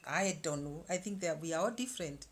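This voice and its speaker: A woman in her fifties talking casually to camera as a vlogger, animated, with many repeated words and restarts. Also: fairly low pitch, brisk. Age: 50s.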